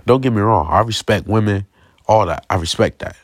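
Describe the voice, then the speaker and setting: A young vlogger delivers a casual straight-to-camera rant, slangy, aggrieved and repetitive, constantly asking "you feel me." His voice is on the low side and fairly quick, recorded in studio quality with no room sound.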